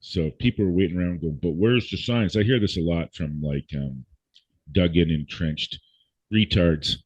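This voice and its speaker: Male guest, low-pitched, blunt and cursing, lectures his listeners; muffled, dry recording. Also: moderate pace, darkish tone, breathy edge, no room sound. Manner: profane, emphatic, lecturing. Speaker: guest speaker. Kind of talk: blunt ranting conversation. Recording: dull, dry lo-fi audio.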